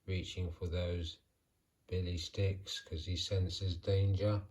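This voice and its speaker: A man in middle age hosts a hobby vlog, narrating as he poses figures. His voice sits a little low and he talks slowly, as if musing aloud to himself. The delivery stays calm and unhurried. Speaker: toy figure channel host. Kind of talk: casual vlog narration while posing figures.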